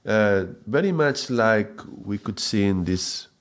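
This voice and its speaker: A man teaching a mantra chanting lesson, patiently explaining sounds and chanting drawn-out syllables. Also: fairly low pitch, expressive, slight background noise.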